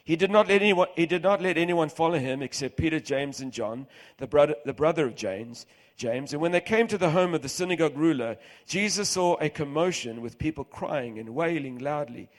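A middle-aged man preaching a sermon, reading scripture aloud and repeating key words for emphasis, swinging between loud and hushed. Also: fairly high pitch, brisk, hardly any pauses.

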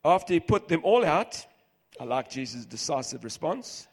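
Man, middle-aged, preacher, sermon, fairly high voice, dramatic repetition. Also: very animated, normal speed. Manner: dramatic, repeats key words for emphasis; swings from loud to hushed. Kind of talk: sermon, reading scripture with call-and-response.

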